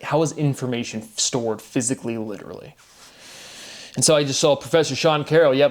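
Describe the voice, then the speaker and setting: A man thinking out loud in a loose monologue, breaking off his sentences and starting them again. He hurries through some phrases and stretches out single words. Now and then he drops in a sarcastic aside. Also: medium pitch. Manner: rambling, self-interrupting, speeds up and slows down on words. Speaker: video host. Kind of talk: casual solo monologue.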